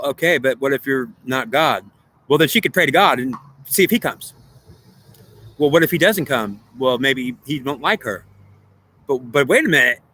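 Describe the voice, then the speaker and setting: A man talks through a long, rambling spiritual monologue, repeating his points and trading questions and answers with himself. His voice is bright and forceful, sitting at an ordinary male pitch. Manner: repetitive, circling back on his own points. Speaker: spiritual speaker.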